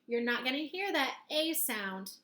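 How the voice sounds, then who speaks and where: A woman teaching a phonics lesson to young children, speaking slowly and clearly and sounding out words in parts. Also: high-pitched, big pitch swings, sharp tone. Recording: echoey room.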